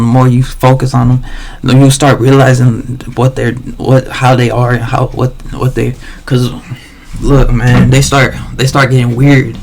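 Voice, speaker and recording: Male streamer, casual rant, gravelly, loose and slangy delivery. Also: medium pitch, background noise. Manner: rambling, slangy, swears a lot, many restarts. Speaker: livestreamer. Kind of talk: casual rambling monologue.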